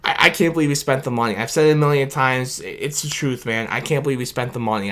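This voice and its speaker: A man, an excited fan giving a rambling instant-reaction vlog and laughing between thoughts. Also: a little high. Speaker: sports fan YouTuber.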